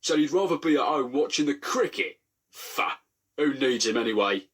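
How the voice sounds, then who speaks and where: A man's voice: medium pitch, animated, normal speed, fairly bright tone, slightly rough, voice pushed up. A man voicing a snappish grumpy diesel engine. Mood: grumbling. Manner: snappish, growling.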